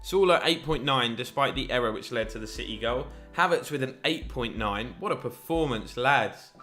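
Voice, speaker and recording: A man giving chatty, excitable play-by-play commentary over a football video game. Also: medium pitch, moderate pace, soft background music. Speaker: gaming YouTuber.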